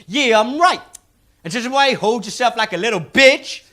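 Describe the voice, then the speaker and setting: A man voicing a brash, cocky male street con man who taunts and shouts. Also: very high-pitched, animated, moderate pace, voice pushed up, heavily acted.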